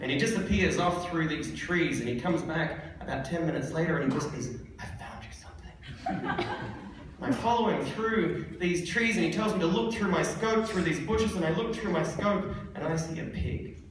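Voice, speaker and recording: A man telling a vivid story on stage, with quick retelling and repeated restarts. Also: fairly high pitch. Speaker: storyteller comedian. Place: live stage. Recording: echoey hall from far off, audience noise.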